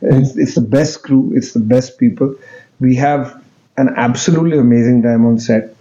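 A man, answering interview questions in a relaxed, joking way with many fillers and restarts. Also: medium pitch, normal speed, highs cut off. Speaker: interview guest, music director.

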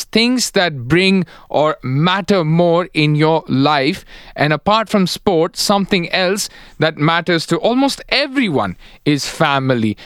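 A male radio host with a smooth, resonant voice that sits a little high for a man. He talks with effusive enthusiasm, and the studio sound is close and dry with no room echo. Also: a bit bright. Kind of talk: radio talk show hosting.

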